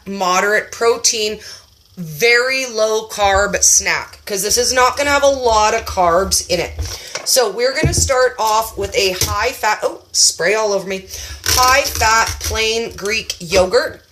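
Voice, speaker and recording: A woman's voice: medium pitch, fairly bright tone. A woman hosting a cooking video from her kitchen, telling a story in a casual, self-mocking way and laughing often, then demonstrating a snack. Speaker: cooking channel host. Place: home kitchen.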